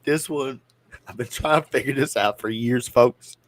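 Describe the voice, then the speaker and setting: With a Southern accent from the Georgia-Tennessee border area, this podcast co-host spins loose, foul-mouthed, joking stories in a casual chat. His medium-pitched voice moves at a moderate pace, with no room sound.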